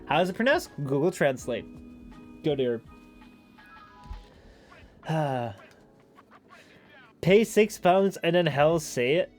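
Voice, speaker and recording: A man's voice: expressive, slow, pauses often, soft background music. A young man with a Dutch accent chatting casually with his live stream audience, rambling with lots of "like" and frequent laughs. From Netherlands. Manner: rambling, lots of "like", laughs often, sudden high squeaky bits.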